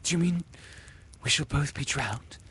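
A man reading a storybook and putting on a high, earnest voice for an anxious, trusting young girl. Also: measured pace, pushed and bright, a little hiss or hum.

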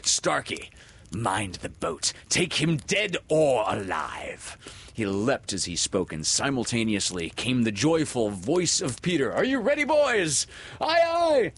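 A man reading a children's story aloud in an expressive, lilting storyteller manner. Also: medium pitch, husky. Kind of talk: storybook read-aloud narration.

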